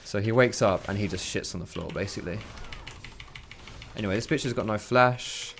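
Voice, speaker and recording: A man's voice: on the low side, brisk, slight background noise. A young man giving loose, chatty commentary on his own gameplay from his bedroom, swearing freely. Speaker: gaming commentator. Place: bedroom at home. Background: keyboard and mouse clicks.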